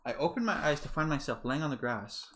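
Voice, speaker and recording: A man reading the inner monologue of a lazy, grumpy male high school student in a dry, grumbling tone. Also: animated, fast, a bit bright, a little hiss or hum.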